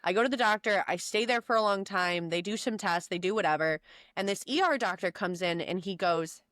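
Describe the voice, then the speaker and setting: A woman's voice: medium pitch, brisk, a bit bright, dry recording, clean studio sound. A woman co-hosting a podcast, chatting casually and rambling through her own stories, often restarting her sentences. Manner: rambling storyteller, restarts and quotes herself. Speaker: podcast co-host. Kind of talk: casual chat.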